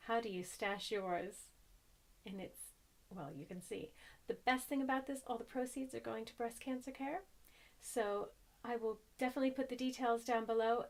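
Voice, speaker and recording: An American woman, a young adult, chatting casually and rambling a bit as a crochet podcaster, cheerfully self-deprecating. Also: on the high side. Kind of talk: casual chat.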